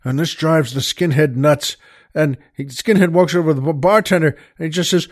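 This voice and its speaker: A man's voice: on the high side, brisk. A male host telling a joke in a folksy, rambling way with many fillers.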